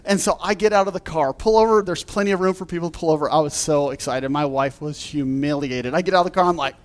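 Male pastor, lively storytelling sermon, raised pitch, chuckles easily. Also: fast. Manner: animated storyteller, laughs through his anecdotes. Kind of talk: sermon with a humorous personal story.

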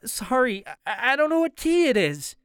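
A man's voice: extremely high pitch, sing-song, normal speed, a bit bright, smooth, no room sound, studio quality, pitched above the performer's own voice, heavily acted. A man voicing a frightened young man who sounds tearful and stammers apologetically.

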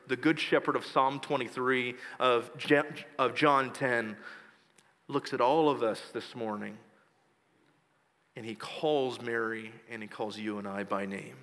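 A male pastor preaching a sermon, retelling scripture scenes in a hushed storytelling voice. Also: mid-range voice. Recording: long hall reverb.

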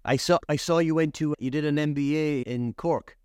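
A man's voice: fairly high pitch, normal speed, a little mellow, clean tone, dry recording, studio quality. A man hosting a podcast who asks questions in a chatty way with frequent restarts. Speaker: podcast host. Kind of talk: casual interview chat.

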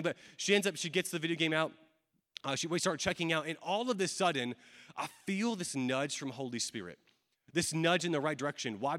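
A man's voice: a little high, a bit bright. A young man giving a sermon as a guest speaker to a congregation, telling a personal story in a casual, joking way. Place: large hall before a live congregation. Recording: long hall reverb.

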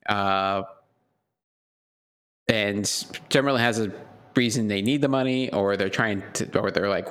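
A man with a fairly deep voice chats casually as a podcast co-host. He laughs often and restarts his sentences as he goes. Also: fairly bright tone. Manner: chuckling, stumbling over his words.

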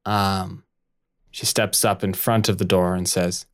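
A man's voice: low-pitched, little pitch movement, measured pace. Man loosely narrating a tabletop game. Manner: loose, hesitant narration with fillers. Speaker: player narrating a character. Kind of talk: tabletop role-play narration.

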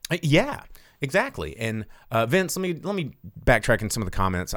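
A man's voice: medium pitch, very animated, moderate pace, fairly bright tone, dry recording. A man hosting a live podcast, rambling and cursing casually through a movie plot recap from his home studio. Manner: rambling, profane, lots of fillers. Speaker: podcast host.

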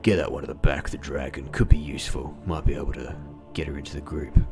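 A man's voice: extremely low pitch, flat delivery, fast, creaky, music in the background, voice pushed down. A man doing a crude, cursing bandit. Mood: scheming. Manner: coarse, cursing, blunt. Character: brash foul-mouthed male human bandit, crude, cocky.

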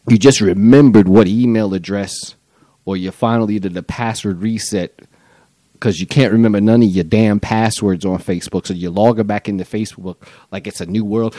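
A man's voice: on the low side, animated, normal speed, dark tone, dry recording. A man hosting his own podcast, talking in a loose, rambling and profane comedic monologue. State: high on mushrooms. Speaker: podcast host.

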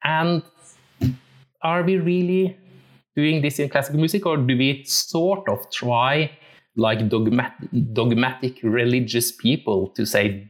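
A man's voice: mid-range voice, slow pace. Thoughtful music teacher, man. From Norway. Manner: thoughtful, searching for words. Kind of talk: reflective talk on musical interpretation.

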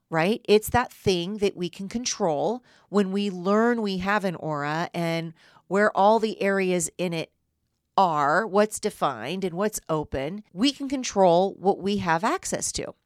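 A woman's voice: on the low side, dry recording, clean studio sound. A woman hosting a solo podcast, explaining in an earnest teaching way and often checking in with "right?". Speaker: podcast host and human design coach.

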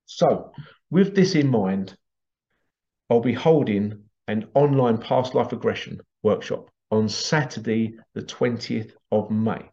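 A man who leads past life regression workshops, telling stories in a chatty, animated way. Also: on the low side, slow, vocal fry. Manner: chatty, animated, laughs often. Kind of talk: casual storytelling promo. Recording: dull lo-fi recording.

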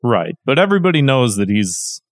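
A man's voice: medium pitch, sing-song, fairly quick, no echo, clean studio sound. A man co-hosting a podcast, chatting casually, hesitant and rambling with many restarts. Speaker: podcast co-host. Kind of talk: casual chat.

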